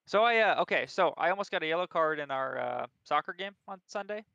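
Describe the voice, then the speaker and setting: A young man tells a self-deprecating story in a casual podcast chat, animated and quick to mock himself. His voice is bright, crisp and slightly high. The recording is dry and a bit dull, with a lo-fi edge. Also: no echo. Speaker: podcast co-host.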